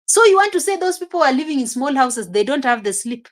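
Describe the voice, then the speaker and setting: A woman's voice: high-pitched, sing-song, quick pace. A woman giving casual reaction commentary, exclamatory and scolding, chuckling often. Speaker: reaction vlogger.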